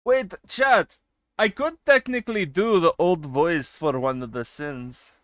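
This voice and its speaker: A male streamer with a slightly high voice talks casually to his chat, bursting into loud excited remarks and then dropping to quieter asides. He swears offhandedly as he talks. The sound is dry and close, with no room echo. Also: slow.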